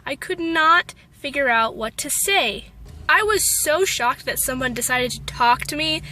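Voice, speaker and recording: Young Texan woman vlogger, American accent, self-mocking storyteller, sharp voice. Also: high voice, measured pace. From Texas. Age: young adult. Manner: self-deprecating, animated storytelling. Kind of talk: storytelling vlog.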